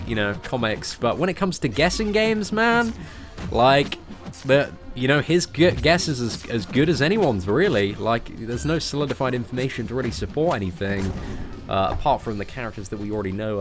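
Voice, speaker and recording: A young man with a British accent talks casually to his livestream viewers, answering their questions one after another. His voice sits in a middle pitch and his delivery is loose and conversational, with filler words everywhere. Soft music plays faintly underneath. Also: animated, moderate pace. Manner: chatty, frequent "man" and "you know". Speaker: livestream host.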